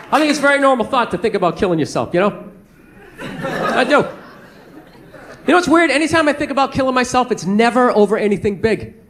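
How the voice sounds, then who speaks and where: Male comic, 40s, exasperated swearing rant, forceful edge, faint crowd. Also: extremely high pitch, a little hiss or hum. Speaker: stand-up comedian. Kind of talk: stand-up comedy routine. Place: comedy stage before a live audience. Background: faint audience laughter.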